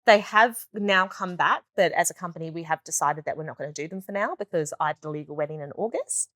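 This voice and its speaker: A woman's voice: low-pitched, quick pace, a bit bright, dry recording. Woman hosting a chill podcast, upbeat, laughs a lot, asking guests stuff. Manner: upbeat, laughs often, asks guests questions. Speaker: podcast host. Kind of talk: casual podcast chat.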